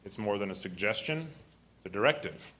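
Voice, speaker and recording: A man with a deep, grumbly voice, preaching a sermon, often clearing his throat and restarting his sentences. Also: animated, a little fast, pushed and bright, a little hiss or hum.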